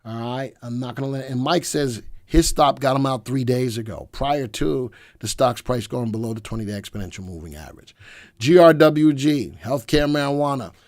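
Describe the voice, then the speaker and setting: A hoarse man hosting a live stock-market show, talking upbeat to viewers while he clicks through charts. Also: medium pitch, normal speed, a little mellow, dry recording, studio quality. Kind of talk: live webinar commentary.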